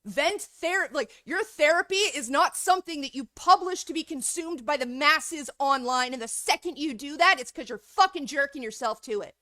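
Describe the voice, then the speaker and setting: A woman's voice: sits high, expressive, normal speed, hardly any pauses, bright, forceful tone, dry recording, studio quality. A woman streamer in a heated, profanity-filled rant, angry throughout. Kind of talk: livestream rant.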